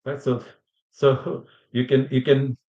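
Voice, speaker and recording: Flat and mellow, this man's medium-pitched voice moves slowly as he gives a language lecture. He rambles with fillers and restarts and keeps addressing students with questions, with echoey, muffled audio.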